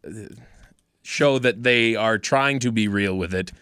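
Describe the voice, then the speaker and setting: Low-voiced man, dry and relaxed. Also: a little slow, clean tone, no room sound. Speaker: podcast co-host leading the segment. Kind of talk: casual wrestling talk. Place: small studio.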